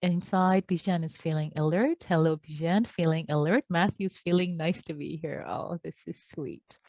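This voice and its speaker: A woman meditation teacher on a video call, reading out attendees' check-ins and responding with warm, affectionate remarks. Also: low voice, normal speed, dry recording.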